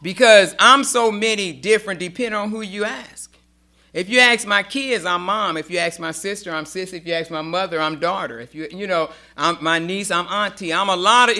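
Forceful, sharp-voiced woman telling her story. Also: on the low side, moderate pace, few pauses. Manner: emphatic storyteller acting out quoted dialogue. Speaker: speaker sharing at a recovery meeting. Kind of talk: personal testimony.

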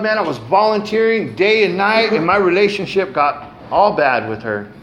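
A man's voice: mid-range voice, a bit bright, slight background noise. A middle-aged man giving a casual, salty personal testimony at a recovery meeting, peppered with "man" and "um". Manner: casual, frequent "man" and "um", cusses freely.

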